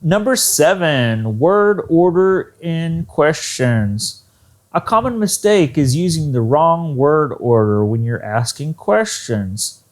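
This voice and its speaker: A man's voice: a little high, lively intonation, slow pace. A man teaching an English lesson, repeating words to show intonation. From Texas. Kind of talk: ESL lesson.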